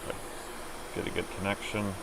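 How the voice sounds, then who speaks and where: A middle-aged man speaks in a low, flat voice with brisk pacing and vocal fry, against heavy background noise. He is live-streaming a repair from an indoor workbench, chatting casually, thinking aloud and muttering to himself as he works.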